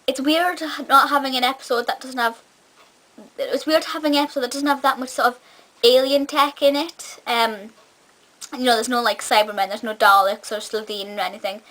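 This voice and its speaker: A woman's voice: fairly high pitch, fairly even intonation, fairly quick, bright, forceful tone. Chatty woman with a part-Scottish accent. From Scotland. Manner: chatty, enthusiastic, many fillers and restarts. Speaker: film reviewer. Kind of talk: casual review vlog.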